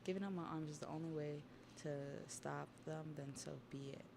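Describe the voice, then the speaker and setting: A streamer voicing a desperate old male giant from a comic in a gravelly, resolute tone. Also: medium pitch, fairly even intonation, normal speed, background noise, natural voice.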